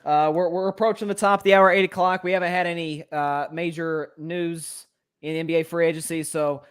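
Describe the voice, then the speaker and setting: A man hosting a casual sports chat, animated and teasing his guests. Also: on the high side, brisk, clean tone. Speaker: host.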